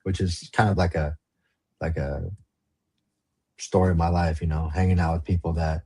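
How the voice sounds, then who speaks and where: A man's voice: sits low, flat delivery, normal speed, mellow, breathy edge, no echo. A man from the Los Angeles area, a podcast guest telling his story in casual, slang-heavy, profane talk. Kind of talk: storytelling interview.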